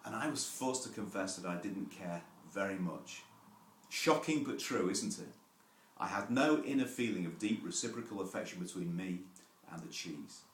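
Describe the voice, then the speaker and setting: A man preaching a sermon, telling homely stories with asides and gentle self-deprecating humour. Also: low voice, expressive, normal speed, roomy sound, slight background noise.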